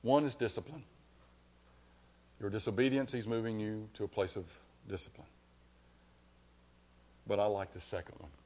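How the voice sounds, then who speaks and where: A man preaching a sermon as pastor, his delivery swelling from hushed to loud. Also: lowish voice, fairly even intonation, moderate pace, pauses often.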